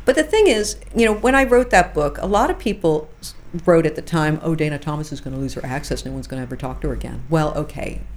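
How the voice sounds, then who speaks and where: A middle-aged woman, a fashion journalist being interviewed, telling lively anecdotes with frequent asides. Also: low voice, fast. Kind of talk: conversational interview storytelling.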